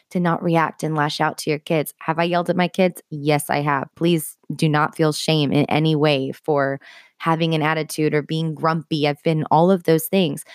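A woman's voice: sits low, no echo, studio quality. A woman in her thirties hosting a podcast, giving an earnest, heartfelt talk of faith-based encouragement with casual asides. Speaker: podcast host.

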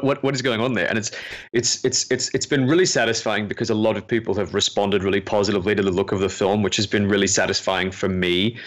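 In a relaxed interview, a film director talks earnestly in a lowish, slightly bright male voice, sharing stories laced with self-deprecating humor.

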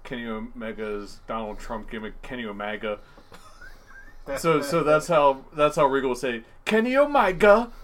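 A man's voice: mid-range voice, normal speed, slight background noise. A man co-hosting a podcast, joking and teasing his co-hosts in casual chat. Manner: teasing, joking, laughs often. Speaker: podcast co-host.

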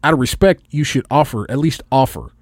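A man's voice: medium pitch, fairly quick, no room sound. A man telling a story in loose, casual chat, swearing freely as he goes. His voice sits in a middling range and comes through close and dry, with no room sound around it. He is from Indiana. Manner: profane, animated storyteller.

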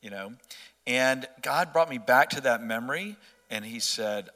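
Middle-aged guy, earnest storyteller, bright forceful voice, long reverb around him. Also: mid-range voice, a little slow. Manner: earnest, storytelling with many restarts. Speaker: interview guest. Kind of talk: personal testimony in conversation.

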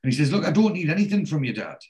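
A man hosting a casual podcast, retelling a TV episode scene by scene and quoting the characters' lines, with a steady "he says" between quotes. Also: fairly high pitch, very fast. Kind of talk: casual chat recapping a TV episode.

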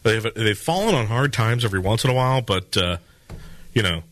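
A man's voice: on the low side, lively intonation, brisk, fairly bright tone. A man in his thirties co-hosting a casual radio show and reading listener texts aloud in an upbeat way.

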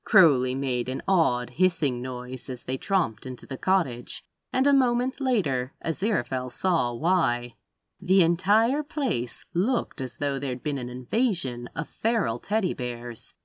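A woman narrating a story aloud with an expressive reading. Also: deep voice, measured pace, dry recording. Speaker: audiobook reader.

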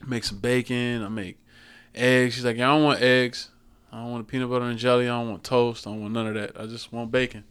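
In casual podcast chat, a co-host in his thirties tells an animated story, performing the voices and laughing frequently. His mid-range voice is fairly quick with a clean tone.

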